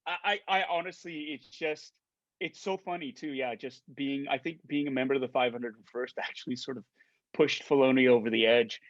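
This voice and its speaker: Here a middle-aged man from Canada, an actor guesting on a video call interview, animatedly recounts stories, stumbling into restarts and voicing the dialogue himself. He speaks in a mid-range voice at a moderate pace. The recording is muffled, without room sound.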